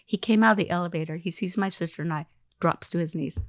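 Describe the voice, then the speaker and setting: A woman telling an anecdote in an interview, animated, acting out the lines she quotes. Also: lowish voice, fast talker, no room sound, studio quality. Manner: animated storyteller who acts out quoted lines. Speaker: interview guest.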